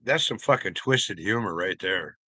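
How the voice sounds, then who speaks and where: A man's voice: low-pitched, animated, moderate pace, sharp tone, no room sound. A man chatting casually with his viewers, telling loose, profane stories and chuckling along as he rambles.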